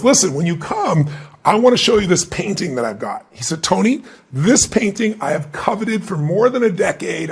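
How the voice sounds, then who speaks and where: A middle-aged man, a motivational speaker answering an interview, telling stories in an animated way and acting out the voices of people he quotes. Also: on the high side, creaky, husky.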